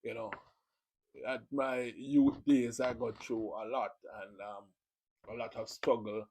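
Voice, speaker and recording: A man's voice: medium pitch, level tone, a little slow, gravelly, a little mellow, a little hiss or hum, low-quality recording. A man with a Jamaican accent hosting his own video channel, giving a casual, rambling spoken testimony full of "you know" fillers.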